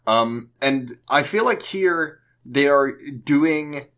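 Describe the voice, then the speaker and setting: A man's voice: a little high, expressive, takes it slowly, pushed and bright. An American man co-hosting a casual podcast, talking in a conversational way with hesitant restarts. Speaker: podcast co-host. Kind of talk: casual chat.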